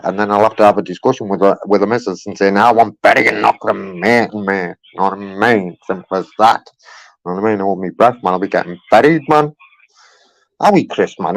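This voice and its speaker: A man's voice: lowish voice, no echo, rough recording. A man making a heated phone complaint, insistent and repetitive, filling his talk with "you know what I mean". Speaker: caller.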